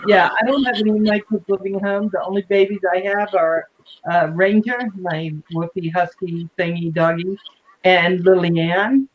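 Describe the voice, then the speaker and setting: A woman's voice: lowish voice, steady tone, normal speed, dull audio, a little hiss or hum. Older woman hosting a casual chat. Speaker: host.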